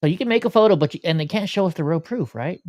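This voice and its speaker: A man's voice: sits high, expressive, very fast, a little mellow. Man, vlog host, out of breath, sarcastic, grumbling asides. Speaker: vlogger. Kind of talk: casual commentary vlog.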